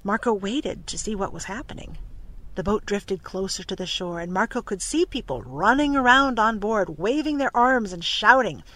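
Narrator reading a kids story aloud, steady and clear, mid pitch. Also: moderate pace.

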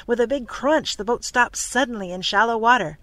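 A narrator reading a storybook aloud in a steady, clear manner. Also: medium pitch, brisk, no echo.

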